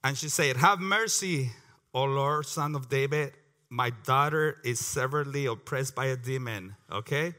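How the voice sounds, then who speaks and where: A man leading a prayer and then teaching a Bible passage, earnest and repeating words as he goes, clearing his throat often. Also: mid-range voice, moderate pace, sharp tone. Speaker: preacher.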